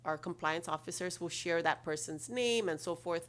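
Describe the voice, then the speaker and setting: A woman's voice: on the low side, fairly quick, slight background noise. A woman judge explaining her drug court's work to legislators at a budget hearing, talking in a loose, explanatory way. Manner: explanatory, many fillers and restarts.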